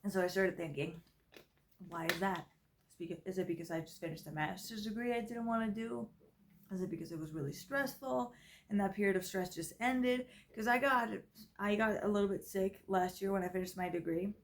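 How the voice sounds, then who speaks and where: A woman's voice: mid-range voice, brisk. A young woman in her twenties telling a personal story in a casual vlog, rambling with lots of fillers and self-corrections, sounding tired. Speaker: vlogger. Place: grandmother's house.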